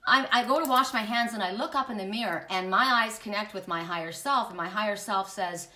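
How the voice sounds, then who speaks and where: A woman's voice: mid-range voice, expressive, a little fast, few pauses, sharp tone, echoey room, recorded from a distance. A woman telling a candid personal story in an emphatic, confiding way, with frequent restarts and blunt swearing. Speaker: spiritual channel host.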